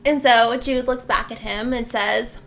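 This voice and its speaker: A woman co-hosting a book podcast, recapping the story in a casual chat and slipping into quick quoted lines of the characters. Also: a little high, steady tone, gravelly, a bit bright.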